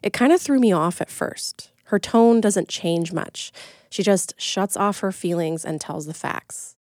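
A woman reporter giving measured, scripted narration in a plain storytelling manner. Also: mid-range voice, darkish tone, no room sound, clean studio sound. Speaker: radio reporter.

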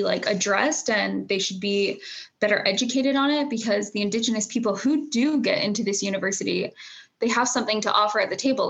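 A woman's voice: mid-range voice, vocal fry, fairly bright tone. A young woman in her twenties, a graduating student answering interview questions in an earnest, reflective way, with fillers and small laughs. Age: 20s.

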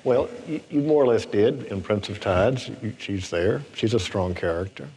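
A man hosting a radio program, introducing the episode and interviewing a guest in a measured, formal way. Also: lowish voice, darkish tone, slightly rough. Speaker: radio show host and interviewer.

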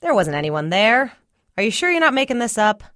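A woman's voice: on the high side, sing-song, fairly quick, fairly bright tone, dry recording, clean studio sound, pitched above the performer's own voice. A woman voicing a tough boy who teases and doubts what he hears. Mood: scoffing. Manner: teasing, dismissive.

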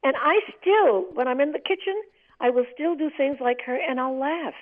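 An older woman calls in to an interview and tells lively stories, laughing as she goes. Her voice runs a little high. The phone line is thin and tinny. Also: normal speed. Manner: animated, laughing, storytelling. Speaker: guest, actress. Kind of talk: interview on a call.

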